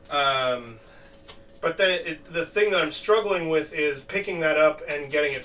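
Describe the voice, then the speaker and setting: A man's voice: a little high, measured pace, a bit bright. A man streaming as he crafts, thinking aloud in a casual, rambling way with lots of filler words. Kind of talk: casual live-stream chat while crafting. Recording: distant mic with faint background noise.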